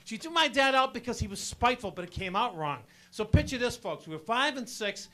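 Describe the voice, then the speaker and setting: A man doing stand-up comedy on stage, loud and punchy, talking to the crowd as folks. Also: extremely high pitch, animated, brisk. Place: stage before a live audience.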